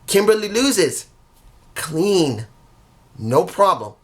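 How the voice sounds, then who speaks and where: Guy vlogging his wrestling booking, slow and rambly, keeps correcting himself. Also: high-pitched, big pitch swings. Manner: rambling, self-correcting, earnest. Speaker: vlogger, fan wrestling booker. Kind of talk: casual solo storytelling vlog.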